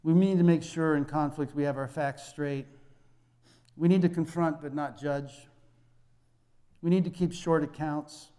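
Male pastor, fairly high voice, conversational sermon with acted dialogue, long church reverb. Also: fairly even intonation, measured pace, long pauses, warm tone.

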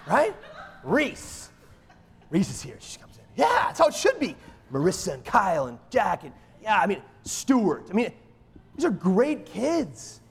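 A middle-aged male pastor preaching with lively emphasis, his voice sitting a little high for a man. The sound carries a long reverb from a large church hall, and he keeps tossing rhetorical questions to the room. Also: moderate pace, slightly rough. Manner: animated, emphatic, keeps asking "right?". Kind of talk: sermon.

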